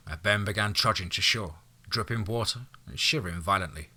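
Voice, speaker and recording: A man reading a story aloud as an audiobook narrator, in a measured, even way. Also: on the low side.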